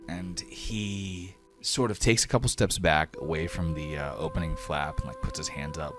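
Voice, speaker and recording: A man narrating a tabletop game as game master in a very deep voice. His delivery is loose and full of fillers, with faint music playing behind him. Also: normal speed, a bit bright.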